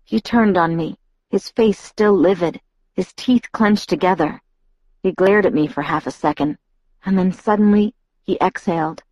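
Low-voiced woman narrating a novel. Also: moderate pace, darkish tone, no echo. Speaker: audiobook narrator. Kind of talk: scripted narration.

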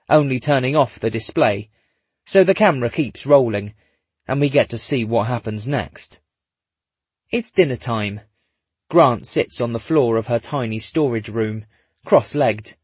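A man narrating a story in a husky voice, dropping in dry, wry asides. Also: mid-range voice, no room sound. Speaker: audiobook narrator. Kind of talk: scripted narration.

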